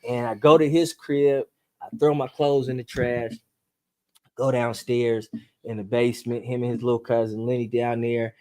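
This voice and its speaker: A man telling a true story as a podcast guest, acting it out with sound effects and speeding up and rising in pitch when the tension builds. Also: normal speed. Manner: animated storyteller, acts out voices and gunshots; speeds up and rises in pitch at tense moments.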